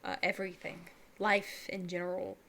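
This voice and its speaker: Young adult woman vlogger, bright tone, rambling and self-deprecating chat. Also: on the low side, little pitch movement, moderate pace. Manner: rambling, candid, self-deprecating, laughs often. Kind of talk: casual chat.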